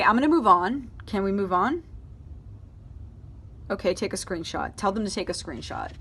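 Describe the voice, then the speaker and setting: A woman's voice: medium pitch, a bit bright, husky. A woman giving a casual tarot reading to her viewers, speaking emphatically, repeating her points and talking aloud to spirit. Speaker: tarot reader.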